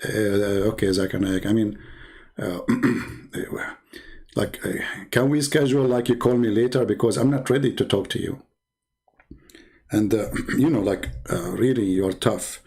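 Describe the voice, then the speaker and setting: A man's voice: lowish voice, unhurried, darkish tone. A man hosting a call-in debate show, talking in a sarcastic, rambling way full of fillers. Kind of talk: casual mocking monologue.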